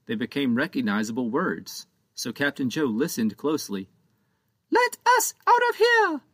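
Guy reading his own kids book, animated storytelling, mid pitch. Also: dry recording, studio quality. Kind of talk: audiobook narration.

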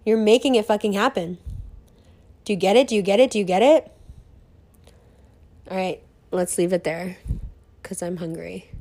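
A woman's voice: medium pitch, moderate pace, long pauses, a little mellow. A woman hosting her own live stream in a casual motivational monologue, bubbly and gushing, swearing freely and filling her talk with "like". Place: sitting on a velvet couch in a room full of bamboo.

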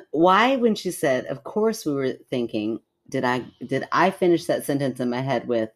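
A woman's voice: extremely low pitch, lively intonation, unhurried. A woman co-hosting a casual chat, reacting to stories in a playful, giggly, self-mocking way. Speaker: podcast co-host.

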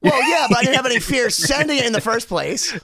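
A man from Boston, a co-host, excitedly telling stories in casual chat and acting out what people said. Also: extremely high pitch, quick pace, vocal fry, dry recording, clean studio sound. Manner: excited storyteller, acts out quotes.

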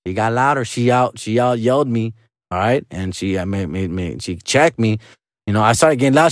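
A man's voice: lowish voice, expressive, brisk, dry recording, studio quality. A man telling a story in a casual, profane, laid-back monologue, slipping in Spanish slang. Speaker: vlog host.

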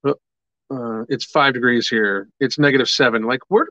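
A man's voice: mid-range voice, steady tone, normal speed, pushed and bright, no room sound, muffled recording. Upbeat, profane livestream man. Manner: casual, profane, upbeat, reads viewer comments aloud. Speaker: livestream host. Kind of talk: casual livestream chat.

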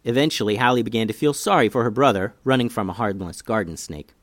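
A man hosting a children's story podcast, narrating in an animated, friendly storytelling way. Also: on the low side, quick pace, no room sound.

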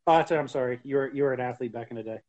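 A man's voice: mid-range voice, racing, a little mellow. Teasing man on a dull, lo-fi mic. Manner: easygoing, teasing banter. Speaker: podcast co-host. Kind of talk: casual wrestling chat. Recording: dull lo-fi sound.

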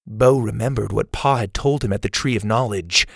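Gravelly male audiobook narrator. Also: on the low side, normal speed, dry recording, studio quality.

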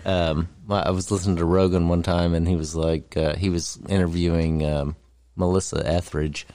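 A man telling a story in casual chat, halting with many ums and uhs. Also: sits low, flat delivery, warm tone, a little hiss or hum.

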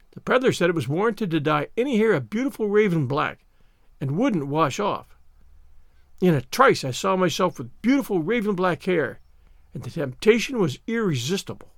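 A man's voice: sits high, no room sound, clean studio sound. Anne, a man reading a theatrical girl. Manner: theatrical, wordy, pleading. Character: dramatic, despairing young girl. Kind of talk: audiobook character reading.

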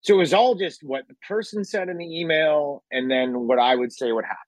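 A man in casual chat, telling a radio story with lively acted-out quotes and casual swearing. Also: on the high side, fairly quick, no room sound, rough recording.

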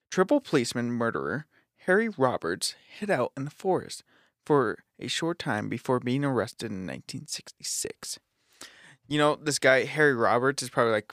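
A man's voice: mid-range voice, fairly bright tone, no echo, studio quality. A man co-hosting a podcast, casually reading spooky forest history aloud with offhand asides. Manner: reads aloud with asides and swearing. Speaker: podcast co-host. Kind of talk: casual reading of ghost stories.

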